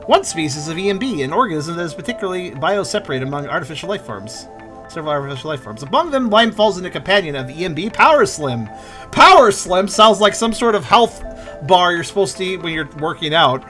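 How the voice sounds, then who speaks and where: A male gaming host with a slightly high, very lively voice, reading out a game page in casual commentary. He talks playfully, laughs often and drops amused asides, with faint music under him.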